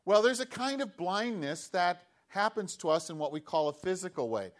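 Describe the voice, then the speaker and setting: A man giving a storytelling sermon to children, animated, acting out the voices of the people in the story. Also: sits high, moderate pace.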